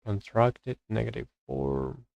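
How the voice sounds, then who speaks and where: On a live stream, a man works through English grammar exercises, reading rules aloud and thinking out loud with hesitant pauses while hunting for words. His lowish, gravelly voice is very animated, and the audio is dull with no room sound.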